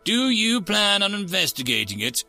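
A man voicing a fussy, exasperated flying alien commander who talks in a high chirp. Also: big pitch swings, normal speed, pushed and bright, faint music behind, exaggerated voice. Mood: puzzled.

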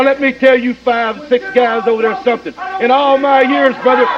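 A man cutting a brash wrestling promo, shouting and calling everyone brother. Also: extremely high pitch. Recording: dull, distant 1980s TV tape.

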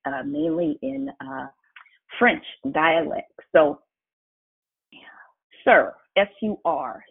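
A woman's voice: low voice, gravelly, husky. A woman preaching a sermon, emphatic, spelling out words and repeating phrases for effect. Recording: tinny phone-like line.

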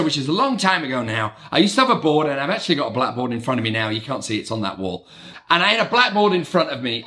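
A middle-aged man delivers a motivational monologue. His voice sits a little high and rings bright, swinging widely in pitch. He slips into his own inner voices as he tells his story. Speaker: real estate agent and podcast host.

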